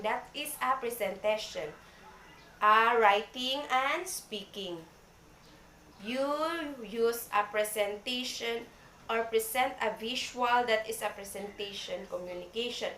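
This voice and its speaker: A woman with a Filipino accent giving a classroom report, slow and halting, often repeating words. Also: fairly high pitch, fairly bright tone. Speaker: student presenter. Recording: echoey room, faint background noise.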